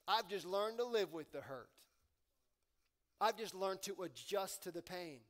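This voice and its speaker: High-voiced man preaching a sermon. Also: lively intonation, measured pace. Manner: conversational preaching with slang and swings in volume. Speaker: pastor.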